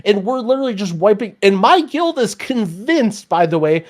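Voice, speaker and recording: A man's voice: sits high, lively intonation, normal speed. A young man co-hosting a gaming podcast, ranting in casual chat with lots of restarts and fillers. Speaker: podcast co-host.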